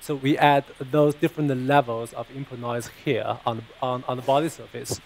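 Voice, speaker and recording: Brief: man presenting research, gravelly voice, hesitant phrasing, faint hiss on the recording. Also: mid-range voice, fairly even intonation, normal speed, darkish tone, poor audio. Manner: hesitant, repeats words and fills with uh. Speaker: presenter answering questions on his research. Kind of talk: technical Q&A after a talk.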